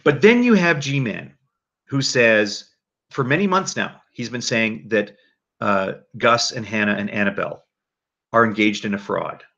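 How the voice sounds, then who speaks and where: A man hosts a casual livestream, talking in a rambling, animated way. His voice is gravelly with a bright, forceful edge, and it comes through a dull, lo-fi mic. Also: lowish voice, a little slow. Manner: animated, rambling, many restarts. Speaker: livestream host.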